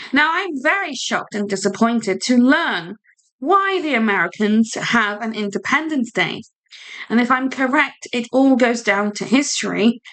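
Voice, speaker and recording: A British livestream host from the UK speaks in a slightly high, fairly bright voice with a British English accent. Her casual stream is chatty and rambling, full of fillers and with a giggle.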